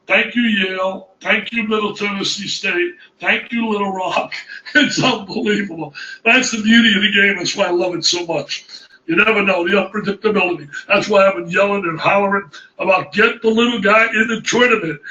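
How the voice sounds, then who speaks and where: A man giving animated, exclamatory basketball commentary and repeating himself for emphasis. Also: high-pitched, reverberant, recorded from a distance, rough recording. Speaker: basketball analyst. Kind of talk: excited sports commentary.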